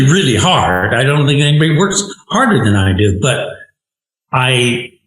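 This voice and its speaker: Older man telling stories in a roomy space. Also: medium pitch. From United States. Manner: earnest, warm storytelling with emphatic rising phrases. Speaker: animator, interview guest. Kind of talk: reflective storytelling in conversation. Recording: roomy echo.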